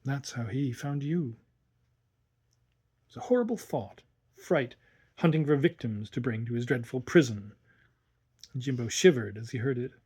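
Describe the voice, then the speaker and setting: A man narrating an audiobook with slow, measured storytelling. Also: mid-range voice, expressive, darkish tone, slightly rough. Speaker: audiobook reader.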